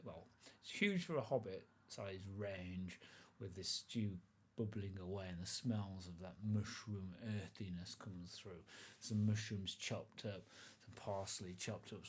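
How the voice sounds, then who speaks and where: A man narrating a tabletop role-playing game as game master, relaxed and rambling, with lots of fillers and restarts. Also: low voice.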